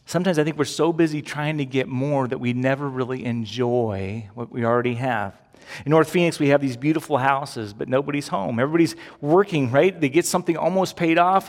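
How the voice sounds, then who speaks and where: A man, preaching a sermon as pastor in a conversational, emphatic way, repeating key phrases. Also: on the high side. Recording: long hall reverb.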